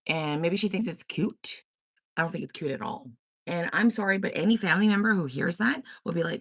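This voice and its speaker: A woman's voice: fairly low pitch, brisk, a bit bright, husky, dry recording, clean studio sound. A woman from Korea hosting a casual livestream, reading comments and giving blunt, profane opinions. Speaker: livestream host.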